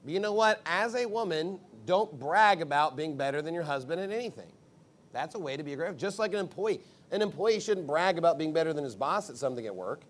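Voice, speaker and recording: A man's voice: fairly high pitch, lively intonation, quick pace. A man preaching a conversational sermon as a pastor, blunt and emphatic, rambling with asides.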